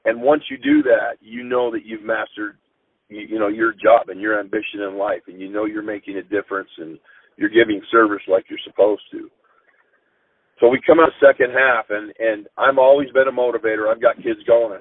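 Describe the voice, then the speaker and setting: A middle-aged man, a football coach, telling an emotional story in an interview, earnest and halting with frequent restarts. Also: mid-range voice, creaky, slightly rough, no echo. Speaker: high school football coach. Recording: tinny phone-line sound.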